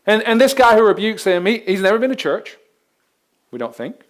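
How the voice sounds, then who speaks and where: A man's voice: high-pitched, very animated, brisk. A male pastor preaching a sermon in an earnest, conversational way, often repeating words as he begins a sentence.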